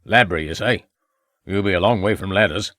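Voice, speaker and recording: A man's voice: sits low, fairly quick, a bit bright, no echo, clean studio sound. A man voicing a terse elderly farmer, in an audiobook. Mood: curt. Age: older. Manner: terse, blunt, dropped words. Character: gruff elderly male rural farmer.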